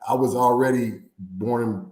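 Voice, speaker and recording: A man from the American Midwest telling a story in an interview, animated and laughing often as he acts out quotes. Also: mid-range voice, moderate pace, noisy background. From Fort Wayne, Indiana. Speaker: former NFL player, guest. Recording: echoey room.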